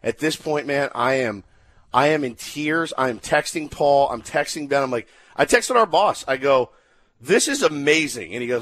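A man's voice: medium pitch, normal speed. A male radio host animatedly telling a funny story in casual chat, acting out quotes. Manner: excitable, acts out quotes, laughing.

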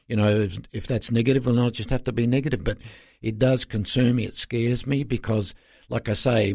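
A man's voice: fairly low pitch, creaky, darkish tone, breathy edge, no echo, clean studio sound. An older man, a pastor telling stories earnestly as an interview guest, rambling with fillers.

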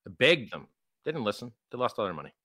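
A man with a somewhat low, bright and forceful voice talks emphatically, slipping into mocking voices for quoted exchanges. The sound is dry and close to the mic. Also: sing-song, fast, dry recording. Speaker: guest, crypto founder. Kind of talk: animated interview talk.

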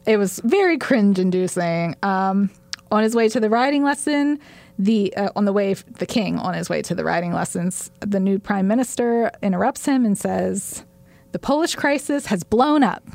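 A woman co-hosting a podcast in casual recap chat, animated, acting out lines and laughing often. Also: mid-range voice, moderate pace, gravelly, no room sound. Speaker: podcast co-host.

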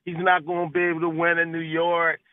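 A man's voice: a little high, completely flat delivery, a little fast, no room sound. A man calling into a sports radio show, trash-talking in a loose drawling way. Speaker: caller. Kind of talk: call-in sports banter. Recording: tinny phone line.

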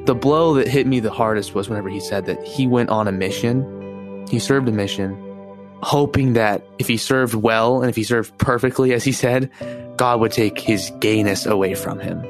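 A man's voice: mid-range voice, normal speed, music in the background. A young man recalling a family moment in a casual, reflective way. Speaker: interviewee, the storyteller's brother. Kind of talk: personal storytelling interview.

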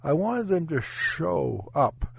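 A man who is a pastor, telling his faith story in an earnest, halting way with frequent restarts. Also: fairly high pitch, very animated, vocal fry, slightly rough, dry recording. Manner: halting, self-correcting, earnest. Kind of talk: personal testimony in conversation.

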